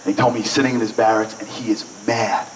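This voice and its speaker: Animated man telling a story. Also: on the low side, fast talker, roomy sound, distant mic, a little hiss or hum, rough recording. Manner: animated, acts out quoted voices. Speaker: speaker. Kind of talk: storytelling speech. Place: event hall.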